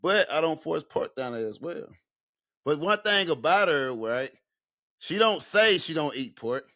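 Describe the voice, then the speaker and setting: A man's voice: fairly high pitch, expressive, unhurried, pushed and bright. A man from Mississippi co-hosting a podcast, rambling casually with many fillers. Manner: rambling, laid-back, filler-heavy. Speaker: podcast co-host. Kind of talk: casual chat.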